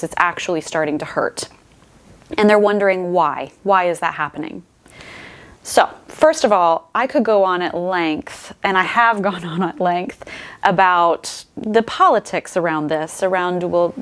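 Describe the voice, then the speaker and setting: Lower-voiced woman voice coach explaining. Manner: explains clearly, shifts voice to demonstrate. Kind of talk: instructional talk to camera.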